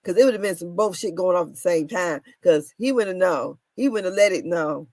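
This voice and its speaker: A woman in her thirties casually recapping reality TV drama, animated and laughing, her voice swinging between loud and soft. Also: fairly low pitch, fairly quick, dry recording. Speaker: commentary show host.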